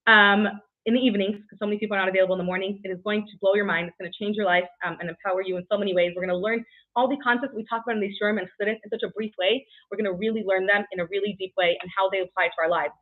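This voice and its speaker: Fast-talking woman teaching on a tinny line. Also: mid-range voice, fairly even intonation. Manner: brisk and chatty, many "right?" checks and "um" fillers. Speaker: Torah class teacher. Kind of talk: casual Torah lesson. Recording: tinny phone-like audio.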